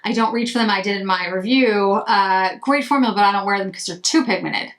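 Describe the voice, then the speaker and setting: A woman's voice: mid-range voice, brisk, fairly bright tone. A woman beauty vlogger chatting casually to camera while doing her makeup, rambling and breaking off mid-sentence. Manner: chatty, rambling, self-interrupting.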